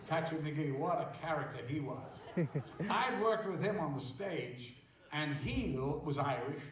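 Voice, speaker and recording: A man in his seventies telling amused, unhurried anecdotes as a guest at a theater Q&A. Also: a little high, animated. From England. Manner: slow, amused storytelling. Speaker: guest actor. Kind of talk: stage Q&A anecdote. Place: theater auditorium. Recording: distant mic in echoey hall.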